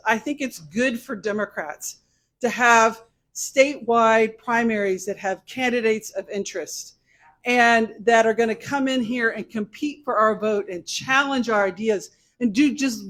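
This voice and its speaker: A woman speaking to a local political meeting, telling lively stories and acting out both sides of conversations. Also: fairly high pitch. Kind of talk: speech to a local political group.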